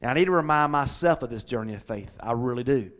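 Male preacher delivering a sermon, emphatic, repeats lines for effect, mid-pitched voice that climbs high and loud when fired up. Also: fast. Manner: builds to loud high-pitched excitement at times.

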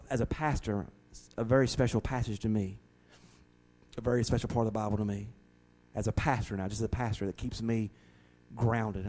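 A man's voice: on the low side, mellow, low-quality recording. A man who is a pastor, earnestly leading a Bible study and often repeating words as he starts a thought.

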